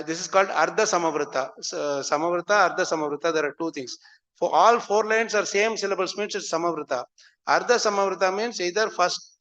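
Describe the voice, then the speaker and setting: Male teacher, encouraging and patient, high voice, dull lo-fi recording. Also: fairly bright tone, long reverb tail. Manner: encouraging, explains verse meter patiently. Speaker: scripture class teacher. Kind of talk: scripture class.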